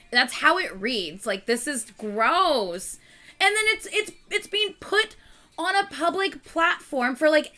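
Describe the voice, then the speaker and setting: A woman hosting her channel, chatting casually with viewers in an animated, exasperated rant. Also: a little high. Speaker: channel host.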